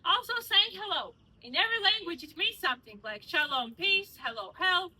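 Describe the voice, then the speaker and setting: A woman from Georgia leads a walking tour outdoors, her voice high and sharply bright. She is a native Georgian speaker who explains things playfully, teasing her group with examples. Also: expressive, normal speed, rough recording. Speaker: tour guide. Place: outdoors in old city streets.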